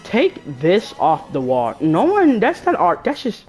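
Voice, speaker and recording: A woman's voice: medium pitch, a little slow, soft background music. A woman giving casual horror-game commentary, jumpy and slangy, yelping at scares and muttering banter to viewers. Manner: animated, jumpy, shrieks at scares then mutters. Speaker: gaming YouTuber.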